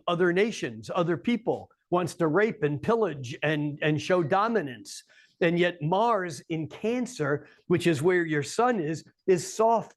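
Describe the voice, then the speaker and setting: Wry male astrologer, slightly high voice. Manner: wry, joking asides. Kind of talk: live talk to an audience. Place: coffeehouse with a live audience.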